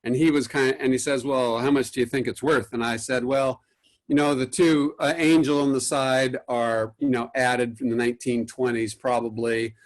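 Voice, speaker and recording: A man's voice: medium pitch, little pitch movement, moderate pace. A man who works as an art conservator, giving a lecture and telling a story with many fillers and restarts, acting out what other people said. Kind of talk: recorded lecture with anecdotes.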